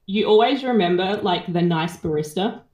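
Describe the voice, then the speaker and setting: A woman co-hosting a podcast, cheerful and quick to laugh. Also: on the low side, darkish tone. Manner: laughs easily, cheerful, trails off. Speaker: podcast co-host. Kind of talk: casual chat. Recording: roomy echo.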